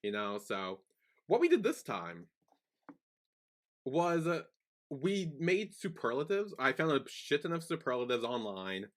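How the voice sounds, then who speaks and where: A young man co-hosting a casual podcast, rambling and animated with lots of fillers and restarts. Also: medium pitch, unhurried, long pauses. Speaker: podcast co-host. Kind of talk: casual chat.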